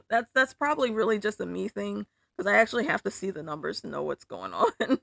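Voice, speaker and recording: A woman's voice: medium pitch, very animated, normal speed, creaky, a bit bright, no echo, clean studio sound. A woman chatting casually on a livestream, swearing freely and exclaiming in disbelief. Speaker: livestreaming artist.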